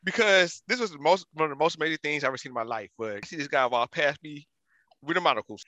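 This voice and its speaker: A man's voice: fairly high pitch, fast, pushed and bright, dry recording. A man on a podcast telling an amused, incredulous story. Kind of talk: casual chat.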